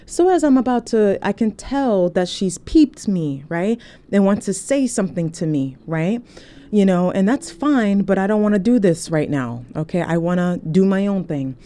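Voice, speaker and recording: A woman telling a casual story to her phone, chatty and animated, often checking in with "okay?". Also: mid-range voice, normal speed. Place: indoors, recording on a phone.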